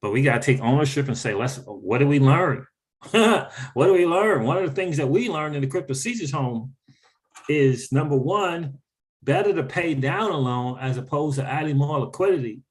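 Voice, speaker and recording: A man hosting a casual livestream, animated and exclaiming, repeating phrases for emphasis and greeting viewers from the chat. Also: medium pitch, moderate pace. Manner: reads out and thanks chat viewers. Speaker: crypto livestream host.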